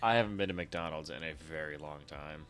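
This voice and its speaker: A man's voice: a bass voice, fairly quick, fairly bright tone, clear, resonant tone. A man co-hosting a casual podcast, telling profane stories and acting out both sides of the exchange. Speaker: podcast co-host.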